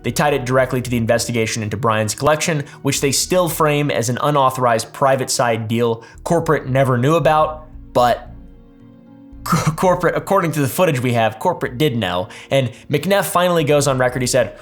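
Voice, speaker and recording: A man's voice: medium pitch, fairly quick, soft background music. A man hosting a commentary video, telling a story casually with sarcastic asides and swearing. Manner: sarcastic asides, swears, restarts mid-sentence. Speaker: commentary channel host.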